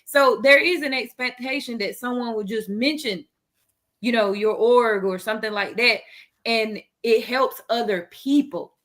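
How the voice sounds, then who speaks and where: A woman's voice: on the high side, a little slow, fairly bright tone. A woman speaking earnestly on a radio talk panel, rambling with many fillers as she explains her views. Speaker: panelist, runs a charity dress program.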